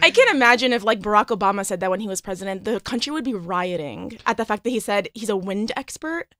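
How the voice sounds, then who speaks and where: A female panelist jokes in casual talk show chat and talks quickly. The sound is dry and close. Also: medium pitch, lively intonation, a bit bright, dry recording. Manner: quick, jokey. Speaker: panel guest.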